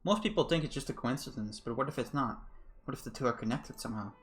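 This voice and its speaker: A man's voice: mid-range voice, quick pace, natural voice. A man voicing an eager, nerdy schoolgirl with a conspiracy theory, speaking earnestly and insistently in close to his own voice.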